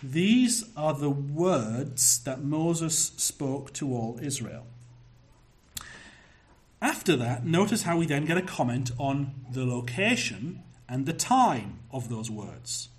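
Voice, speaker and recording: A pastor preaching a sermon, measured and emphatic, slowing down to stress key phrases. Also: male voice, medium pitch, sing-song.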